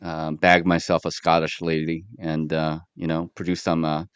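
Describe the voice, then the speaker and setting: A man's voice: a bass voice, monotone, moderate pace, clear, resonant tone, dry recording. A man with a mixed, hard-to-place accent chatting on a live panel, hesitant and wry. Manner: hesitant, many uh fillers, wry. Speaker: panel guest. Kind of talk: casual live panel chat.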